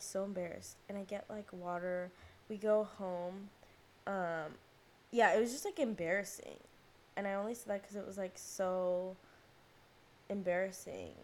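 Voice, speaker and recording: Teen girl rambling thru a story on her podcast, lots of likes, bit of hiss. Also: mid-range voice. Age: teens. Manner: rambling, animated, lots of fillers and swearing. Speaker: podcast host. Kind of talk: casual storytelling monologue.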